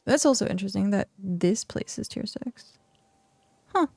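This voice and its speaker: Gravelly-voiced woman streamer thinking aloud. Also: mid-range voice, animated, normal speed, darkish tone, no room sound. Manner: rambling, thinking aloud with many fillers. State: hiccuping and yawning. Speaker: game streamer. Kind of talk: casual streaming chat while playing.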